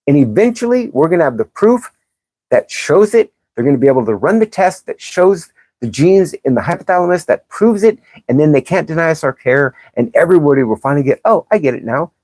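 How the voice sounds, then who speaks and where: Here a livestream host with a low, somewhat mellow voice and no room sound reads out comments from chat. Her replies are blunt, crude, and sarcastic, and she confronts commenters directly.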